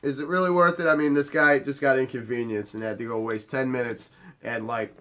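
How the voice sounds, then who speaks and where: A man's voice: medium pitch, steady tone, fairly quick, sharp tone. A man who works as a bar bouncer and head of security, telling a story to camera in a casual, swaggering way with plenty of swearing. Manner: cocky, profane and swaggering.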